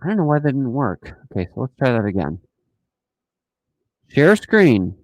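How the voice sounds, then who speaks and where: A man hosting a casual live stream, talking in an animated, mocking way and often repeating himself. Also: medium pitch, normal speed, no room sound, poor audio. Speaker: host of a dashcam channel live stream.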